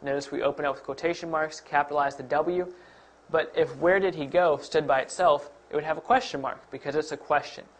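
A man's voice: a little high, steady tone, brisk. A man teaching a test-prep grammar lesson, explaining step by step with a few fillers and restarts. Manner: explains step by step while pointing at examples; uses fillers and slight self-corrections. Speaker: instructor.

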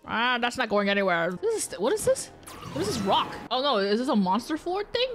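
A young woman streaming a video game, chatting, swearing, laughing and yelling at what happens on screen. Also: on the high side, big pitch swings, brisk, over music. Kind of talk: live gameplay commentary.

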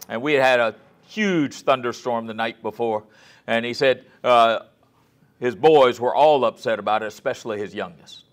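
A man with a mid-range voice gives a guest lecture on scripture in a folksy, storytelling style. He asks the audience questions and sometimes drops to a soft, near-whisper for emphasis.

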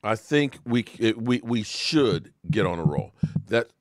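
Brief: a lively male sports host with a swinging pitch and a dry, close sound. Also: measured pace, dry recording. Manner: animated, repeats words, laughs easily. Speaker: sports talk show host. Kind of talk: casual sports chat. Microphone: desktop USB mic.

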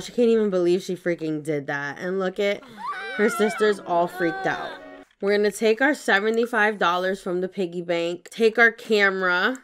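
A woman's voice: medium pitch, fairly bright tone. Chatty, profane woman gaming narrator. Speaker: let's play host. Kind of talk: casual gameplay commentary.

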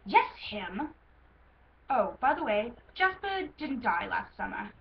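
Brief: sly young stallion horse with a British accent, taunting and confrontational, put on by a woman; fairly high voice. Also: sing-song, slow, vocal fry, far from the mic, full character voice. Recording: lo-fi with faint hiss.

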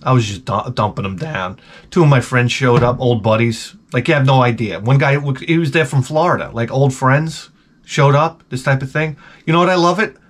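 A man's voice: medium pitch, moderate pace. A middle-aged man from Long Island, telling stories in a profane, sarcastic, rambling vlog monologue. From Long Island, New York. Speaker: vlogger.

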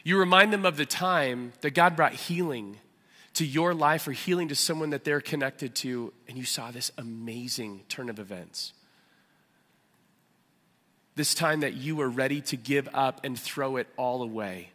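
Pastor, male, earnest and animated sermon delivery, sharp bright tone. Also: mid-range voice, unhurried, long reverb tail. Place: church sanctuary.

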